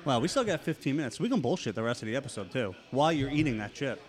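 A man's voice: mid-range voice, lively intonation, rapid-fire. A man hosting a podcast in casual chat, teasing his co-host and introducing guests.

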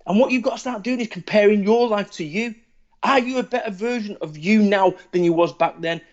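Man, forties, blunt and profane storyteller; higher voice, muffled audio. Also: brisk. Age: 40s. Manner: blunt, sweary, animated storytelling. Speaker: podcast guest. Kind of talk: casual chat.

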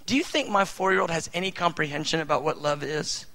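Man in his thirties, preacher, animated sermon, bright edgy voice, rhetorical questions, loud bursts of emphasis. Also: fairly high pitch, fast talker, rough recording.

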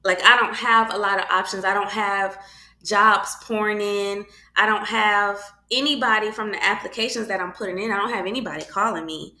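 A middle-aged woman casually telling a personal faith story, animated and acting out the voices of the people in it. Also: medium pitch, moderate pace, reverberant. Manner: animated, acts out quoted voices.

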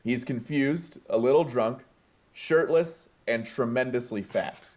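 A man's voice: medium pitch, unhurried, a little mellow. A man casually recapping a film to friends, reading the script with hesitant fillers.

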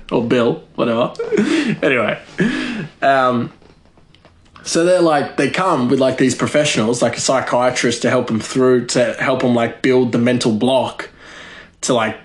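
A man's voice: mid-range voice, expressive, measured pace, long pauses. A man telling a rambling comedic monologue, full of fillers and laughing at his own jokes. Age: adult.

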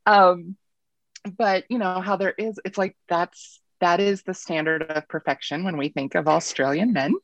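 An American woman co-hosting a casual podcast interview, animated and giggly, rambling through her thoughts. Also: fairly low pitch, moderate pace, dry recording, dull audio. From United States. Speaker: podcast co-host.

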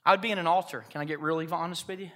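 A pastor preaches to his congregation in a high, bright voice. He tells his own story in a quiet, intimate tone. Then he rises into loud, emphatic calls to the room. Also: fairly even intonation, racing. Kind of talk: sermon. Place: church.

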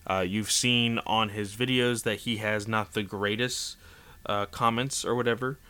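Guy rambling thru a comic recap, lots of uhs, lowish voice, crisp and smooth. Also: fairly even intonation, a little slow, pushed and bright. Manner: rambling, many fillers and restarts. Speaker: manga chapter reviewer. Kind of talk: casual story recap.

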